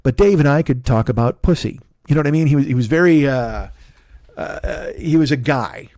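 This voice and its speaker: A man's voice: mid-range voice, moderate pace, a little mellow, no room sound. A man in his fifties giving a rambling, self-deprecating comic monologue, swearing often and restarting sentences. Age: 50s. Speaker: comedian and podcast host.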